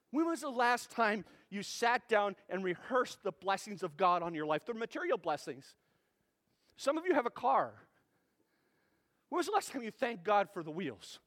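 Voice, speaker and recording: High-voiced animated male pastor preaching. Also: moderate pace. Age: adult parent. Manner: animated, conversational preaching with rhetorical questions. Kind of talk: sermon.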